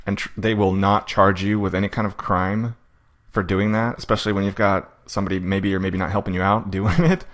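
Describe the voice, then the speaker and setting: A man coaching a client for a courtroom hearing, talking fast and acting out what the judge and defendant might say. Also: sits low, flat delivery, a bit bright. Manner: fast-talking, self-admittedly rushed; acts out judge and defendant lines in quick asides. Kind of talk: coaching session recap.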